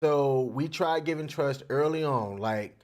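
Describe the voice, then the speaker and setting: A man's voice: fairly high pitch, measured pace. A young adult man co-hosting a casual relationship podcast, playful and joking, laughing often. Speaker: podcast co-host. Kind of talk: casual chat.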